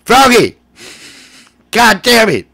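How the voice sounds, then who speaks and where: A man putting on the voice of a frantic man who yells desperately for help. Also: very animated, slow pace, gravelly, slightly rough, dry recording, clean studio sound, heavily acted. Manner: shrill desperate yelling.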